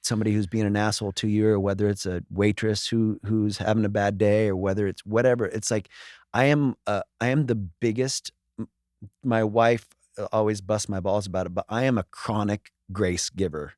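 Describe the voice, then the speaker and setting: A man's voice: lowish voice, fairly even intonation, brisk, a little mellow, dry recording, studio quality. A man talking as a podcast guest, candid and earnest, with frequent restarts and casual swearing. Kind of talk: casual chat.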